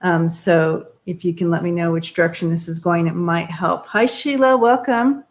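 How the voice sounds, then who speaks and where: A woman doing tarot readings on a live stream, talking in a halting, searching way with many fillers while giving gentle advice. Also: fairly low pitch, fairly even intonation. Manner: encouraging, gives gentle advice. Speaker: tarot reader.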